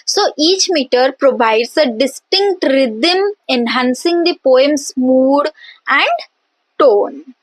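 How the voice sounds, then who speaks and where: A woman teaching a lesson on poetry, speaking deliberately with frequent fillers and repeating example words slowly. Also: high voice, expressive, no room sound, rough recording. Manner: drawn-out pronunciation of example words. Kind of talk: explanatory lesson.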